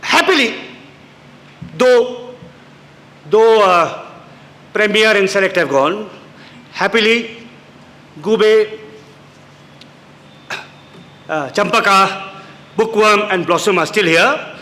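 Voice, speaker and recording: A man in his sixties from India giving an anecdotal public lecture, telling stories with quoted voices and halting restarts, in a lecture hall. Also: high-pitched, sharp tone. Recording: echoey hall.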